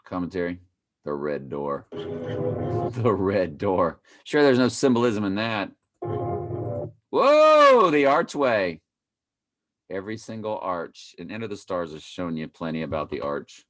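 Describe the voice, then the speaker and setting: A man's voice: sits low, lively intonation, brisk, very noisy. A man giving casual, playful commentary over a video he plays, repeating phrases in a mock chant and breaking into sudden exclamations.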